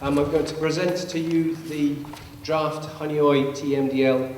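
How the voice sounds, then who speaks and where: A man's voice: a little high, little pitch movement, a little mellow. Man lecturing in a reverberant hall. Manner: explanatory, dry humor, measured. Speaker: guest presenter, scientist. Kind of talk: public lecture. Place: large public meeting hall. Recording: echoey hall from far off, faint hum.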